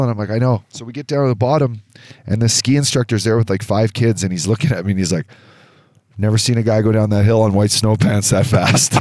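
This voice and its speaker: A man co-hosting a podcast, telling a story in casual chat, animated and profane, acting out what others said. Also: fairly low pitch, quick pace, no room sound. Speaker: podcast co-host. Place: indoor studio.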